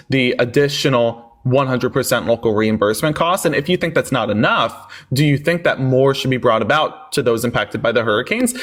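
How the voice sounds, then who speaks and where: A man hosts a heated debate on a livestream. His voice sits in a middle pitch, and his delivery is sarcastic and mocking as he talks over the caller.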